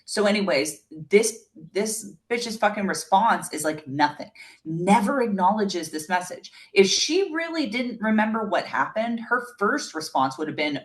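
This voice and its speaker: A woman's voice: medium pitch, expressive, a little slow. A woman co-hosting a podcast in casual chat, blunt and profane as she gives her heated opinions. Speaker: podcast co-host.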